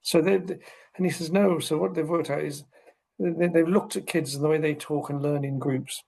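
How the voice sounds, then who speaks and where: Middle-aged guy on a podcast, gravelly, acts out little bits of dialogue as he talks. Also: on the high side, a little fast, low-quality recording. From United Kingdom. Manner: animated storyteller, acts out quoted speech. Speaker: guest, social care researcher. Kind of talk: conversational podcast interview.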